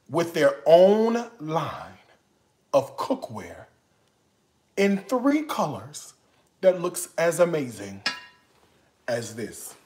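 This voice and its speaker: A man hosting a live-stream cooking show, excitable and playful, swinging from hushed asides to loud bursts. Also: a little high. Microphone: live-stream setup.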